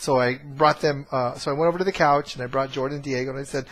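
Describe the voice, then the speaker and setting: A man's voice: medium pitch, steady tone, quick pace, few pauses, fairly bright tone. Male trainer, casual vlog storytelling, rambling delivery with frequent restarts. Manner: rambling, many fillers and restarts. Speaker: course trainer.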